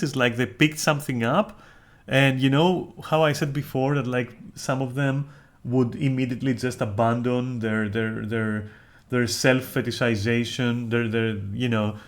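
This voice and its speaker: Man rambling candidly on stream. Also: medium pitch. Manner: candid, profane, frequent self-restarts. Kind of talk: casual rambling stream chat.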